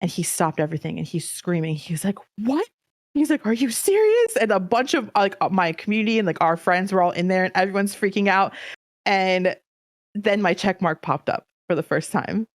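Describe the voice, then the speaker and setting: A woman's voice: lowish voice, fairly quick, no echo, studio quality. A woman in casual podcast talk, telling a story with emotion and animation. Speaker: streamer guest.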